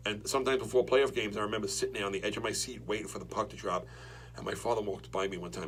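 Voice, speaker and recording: A man hosting a podcast, telling long stories with lots of restarts and excited jumps. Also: fairly low pitch, quick pace, a little hiss or hum. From Long Island, New York. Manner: rambling, excitable storytelling with many restarts. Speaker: podcast host. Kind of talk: casual chat.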